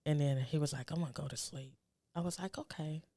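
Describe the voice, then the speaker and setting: A middle-aged woman with a gravelly, rough-edged voice shares a personal story as a guest. She talks in a soft, halting, reflective way and turns urgent when she offers advice. Her voice sounds dry and close, with no room around it. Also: low-pitched, no echo.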